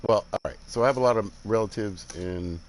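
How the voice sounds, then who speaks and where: A man's voice: lowish voice, fairly quick, a little hiss or hum. An older man from Alabama with a Southern accent touched by the Midwest, chatting casually and rambling while he plays a game. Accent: Southern US with some Midwestern. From Alabama, southern United States. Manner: rambling, laid-back, chuckling, drifts off while building. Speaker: game streamer. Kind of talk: casual chat while playing.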